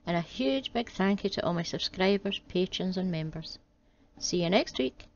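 A woman, the channel host, giving a brisk, friendly video outro sign-off. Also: on the low side, animated. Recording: dull lo-fi audio.

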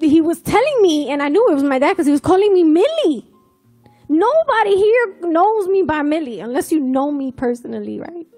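Woman, high voice, animated testimony storyteller, faint music bed. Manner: animated storytelling, acts out quoted dialogue. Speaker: testimony speaker. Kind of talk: personal testimony.

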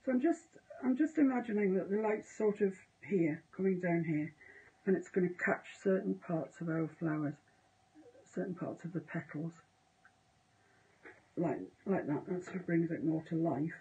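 A chatty woman talks through a painting demo on a live stream. Her voice is gravelly and husky, and the audio sounds dull and lo-fi. She often drifts off mid-sentence. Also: lowish voice, moderate pace, warm tone. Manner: chatty, self-amused, trails off mid-sentence. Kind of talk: casual live painting demonstration.

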